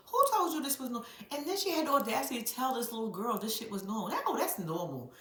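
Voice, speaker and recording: Woman, reality-TV recap vlogger: animated, profane, dramatic commentary with a bright tone, recorded in an echoey room. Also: on the high side, quick pace, hardly any pauses. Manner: animated, profane, dramatic storyteller who laughs often and addresses viewers as "y'all". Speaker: reality show recap host.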